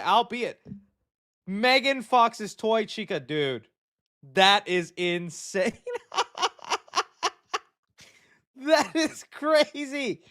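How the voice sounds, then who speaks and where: A young man hosts a casual live show, talking in a somewhat high voice. He reacts loudly and excitedly to what he reads. His talk is loose and friendly, full of "dude.". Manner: excitable, loud reactions, says "dude" a lot. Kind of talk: casual livestream chat.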